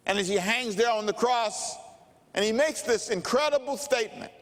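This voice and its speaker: An older male pastor preaching a sermon, telling stories slowly and dramatically. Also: sits high. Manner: slow, dramatic preaching with storytelling. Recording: long reverb of a large hall.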